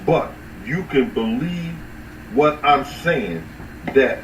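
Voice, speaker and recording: A man hosting a casual livestream, talking loosely and profanely to his chat, with sudden high-pitched outbursts. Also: lively intonation, slow, fairly bright tone, distant mic. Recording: roomy echo, off-mic, faint ambient noise.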